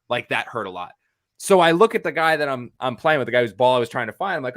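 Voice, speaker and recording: A young man co-hosts a podcast and spins a long, rambling story. His voice is bright and forceful, sitting at an ordinary pitch. He talks in an animated way, full of fillers and false starts. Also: very fast. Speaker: podcast co-host.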